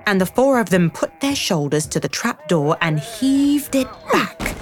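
Expressive woman reading a storybook. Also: medium pitch, unhurried, soft background music. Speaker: narrator.

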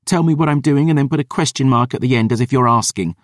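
A stubborn, sharp-tongued teenage girl, put on by a male narrator for an audiobook, her voice lifted well above his natural register. She snaps back with scornful, quick retorts and bristles at being told what to do. The recording is close and dry. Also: medium pitch, dry recording, voice pushed up, natural voice. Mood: irritated. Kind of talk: audiobook character voice.

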